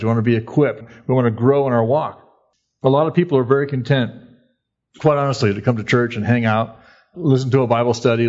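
A male pastor gives an easygoing, folksy sermon at a middling pitch. He slips into quick character voices for the people he quotes. The recording sounds slightly dull and lo-fi. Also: a little mellow. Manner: conversational, folksy, acts out quotes in a raised voice.

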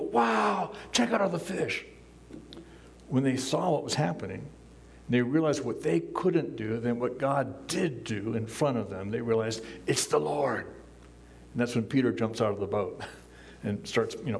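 An older man, a pastor, preaching a sermon from a church pulpit in a relaxed, conversational way, chuckling often and acting out the lines he quotes. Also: medium pitch. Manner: acts out quoted lines in a raised voice.

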